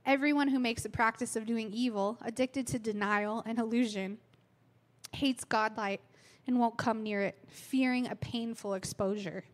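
Woman preacher, thirties, slightly high voice, casual candid delivery, fighting a cold. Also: steady tone, normal speed. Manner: candid, self-mocking storytelling with fillers. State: has a cold, clearing her throat. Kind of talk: sermon.

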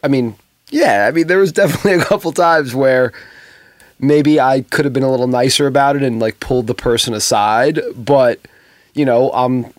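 A man's voice: mid-range voice, normal speed. A man talks in blunt, casual chat and swears freely. His voice sits in a dry, close-miked sound with no room echo. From New York. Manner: blunt, swearing, animated retelling. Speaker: podcast co-host, tour crew.

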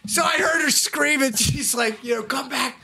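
A man's voice: very high voice, normal speed, gravelly, pushed and bright. A man telling crude stories in a casual, profane chat, laughing through them and leaning on "dude" and "right?". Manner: laughs through his own stories, heavy swearing. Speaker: podcast host telling stories.

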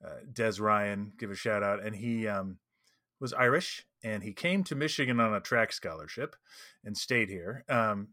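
A man co-hosting a podcast in casual chat, telling lively anecdotes. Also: on the low side, moderate pace, no echo, studio quality. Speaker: podcast co-host.

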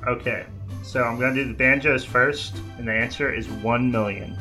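A man's voice: mid-range voice, fairly even intonation, moderate pace, loud music behind the voice. A man acting as game master on a tabletop podcast, dry and matter-of-fact. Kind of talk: casual tabletop podcast chat.

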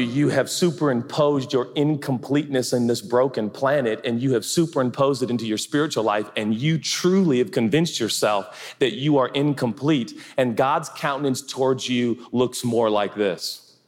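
A man's voice: mid-range voice, normal speed. A man pastor giving a sermon in a large theater, talking in a conversational, humorous and emphatic way. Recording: live hall reverb.

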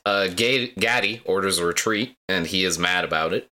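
A man talks through plot beats in a relaxed, easygoing way, slipping in dry jokes. His voice sits low but has a bright, forward edge. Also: moderate pace. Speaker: podcast co-host. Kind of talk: casual recap chat about an anime.

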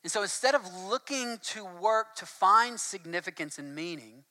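A man preaching a sermon in a conversational, casual way, mixing scripture reading with relaxed asides. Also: high-pitched, moderate pace.

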